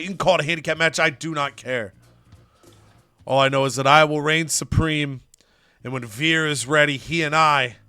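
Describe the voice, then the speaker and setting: A man's voice: a little high, bright, forceful tone, dry recording. A man voicing a boastful male wrestler who proudly lays down a challenge. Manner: proud, declaring.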